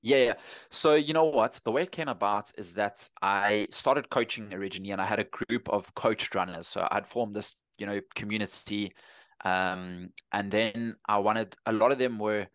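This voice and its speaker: A man's voice: lowish voice, moderate pace, fairly bright tone, no room sound. A man in his thirties with a South African accent, a running coach chatting easygoing as an interview guest, often restarting his sentences. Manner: easygoing, rambling with frequent restarts. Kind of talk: casual interview chat.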